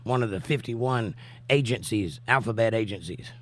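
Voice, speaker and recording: A man's voice: lowish voice, moderate pace. A man hosting a casual livestream, chatting and reading viewers' comments aloud, his voice still recovering from a cough. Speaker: livestream host. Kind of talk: casual live-chat commentary.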